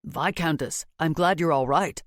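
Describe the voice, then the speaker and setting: A woman's voice: sits low, a little slow, no room sound, clean studio sound. A woman voicing a dutiful male guard captain in an audiobook, speaking urgently. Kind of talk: audiobook character voice.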